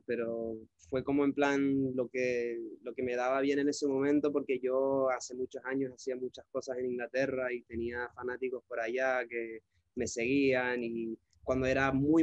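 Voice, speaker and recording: A man's voice: medium pitch, no room sound, lo-fi sound. A young man with a British accent, chatting casually as a musician guest and telling stories with plenty of fillers. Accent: British English. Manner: relaxed, chatty storyteller, many fillers. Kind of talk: casual interview chat.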